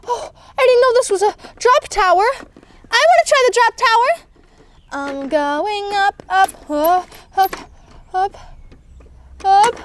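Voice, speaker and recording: A woman playing with dolls and voicing every character in a playful, animated way, squealing on the rides. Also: very high-pitched, slow pace, long pauses, a little hiss or hum. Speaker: doll play storyteller.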